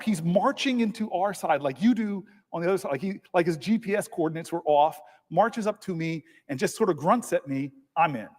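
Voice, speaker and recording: A man giving a long protest speech as a senator, telling stories, repeating words and building to emphatic peaks. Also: fairly high pitch. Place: large legislative chamber. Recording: long reverb of a large chamber.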